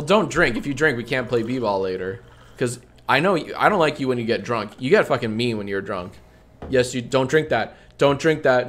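A young adult man streaming, joking around in comedic banter, swearing constantly with playful mock bravado and breaking into loud heckling boos. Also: medium pitch.

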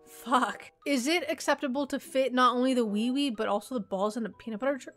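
A woman's voice: sits high, fairly quick, faint music behind. A Canadian woman in her twenties, a YouTuber bluntly answering viewer questions with lots of swearing and jokes. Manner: blunt, profane and joking.

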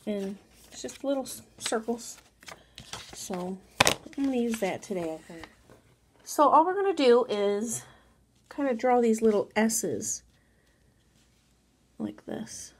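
A woman casually talking viewers through a drawing tutorial, chatty and softly spoken, with rambling asides. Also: fairly high pitch. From Mexican background.

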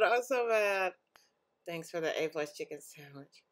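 A young woman with a bright, forceful voice reacts to posts in a casual vlog. Her delivery is animated, and she often laughs and exclaims between her comments. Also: on the low side, a little slow. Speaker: reaction vlogger.

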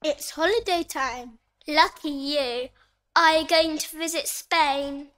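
A woman voicing a curious girl in a scripted textbook dialogue, slow and clearly spoken, played back from a lesson video. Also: high-pitched, a bit bright.

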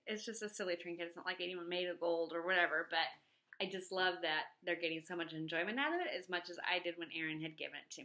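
A middle-aged woman chatting casually at home, animated, jumping into a high voice when she quotes people. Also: roomy sound. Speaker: vlogger. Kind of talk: casual chat.

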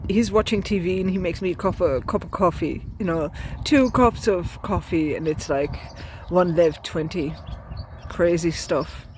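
A woman's voice: fairly low pitch, slight background noise. An Irish woman telling a casual video diary while walking by a road, rambling with many fillers and restarts, a little tearful. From Ireland. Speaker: pilgrim vlogger.

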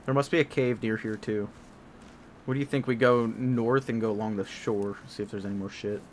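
Excitable swearing man gaming. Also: lowish voice, a little fast. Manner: swears often, excitable reactions. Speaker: gaming channel host. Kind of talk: casual gameplay commentary. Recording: noisy game capture.

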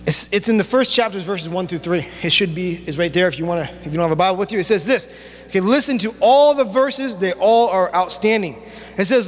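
A young man preaching a sermon as youth pastor, telling stories in a casual, animated way with relaxed slang. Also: sits high, brisk. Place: church sanctuary. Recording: long church hall reverb, faint hum.

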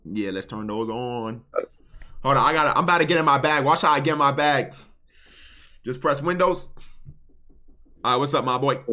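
A man's voice: mid-range voice, moderate pace, long pauses, sharp tone. A young man hosting a live stream, bantering loosely with callers and chat in heavy slang.

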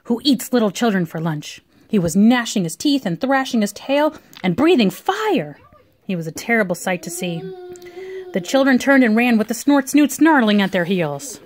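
A woman reading a picture book aloud to a young child at home, with expressive storytelling. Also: a little high, moderate pace. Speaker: reader.

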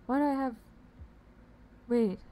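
A woman's voice: high voice, slow pace, mellow. Bubbly, giggly young woman streamer. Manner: bubbly, giggly, talks to chat. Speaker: game streamer. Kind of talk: casual live-stream chat.

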